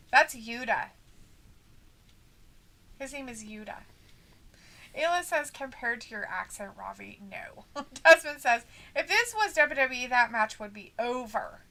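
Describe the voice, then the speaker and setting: A woman's voice: a little high, pushed and bright. A woman co-hosting a wrestling watch-along, reading viewer comments aloud in a playful, teasing way.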